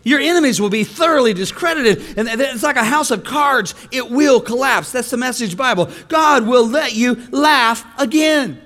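A man preaching a comedic sermon to a live congregation, often shouting and mock-singing. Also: very high-pitched, normal speed, few pauses. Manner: animated, shouting, mock-singing and laughing between lines. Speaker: pastor. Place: church hall with a live congregation.

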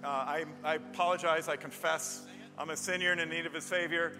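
A male pastor preaching a sermon in a church, telling stories emphatically and building to loud peaks. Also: a little high, fairly even intonation, fairly quick. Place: church with a live band. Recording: long reverb of a large hall. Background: faint band music.

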